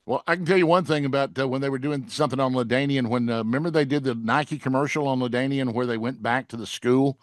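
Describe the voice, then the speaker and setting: A man's voice: mid-range voice, fairly even intonation, fast talker, hardly any pauses, no echo. A folksy man swaps sports stories in a casual chat. His voice sits in the middle range and the recording is dry, with no room sound. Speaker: sportswriter guest. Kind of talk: casual storytelling.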